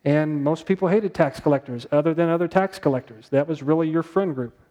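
A male pastor preaching a sermon in a conversational way, asking the congregation rhetorical questions and slowing down to stress key words. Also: on the high side, mellow.

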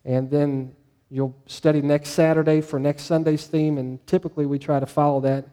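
Male pastor, slightly high mellow voice, chatty preaching style that draws in the congregation. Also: little pitch movement, moderate pace, big-room sound. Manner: conversational, asks the congregation questions. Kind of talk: sermon.

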